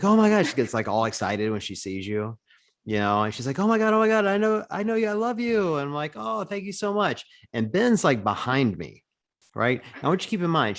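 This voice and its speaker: Animated man telling a funny story. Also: lowish voice. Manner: animated storyteller, loud bursts of laughter. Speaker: podcast guest. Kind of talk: casual chat.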